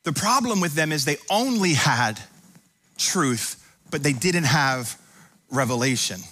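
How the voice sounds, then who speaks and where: A man's voice: a little high, expressive, a little slow, pushed and bright. A man in his thirties preaching a sermon in church, building to impassioned repetition with humorous asides to the congregation. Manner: preaching with rising intensity and repetition. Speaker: pastor. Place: church sanctuary.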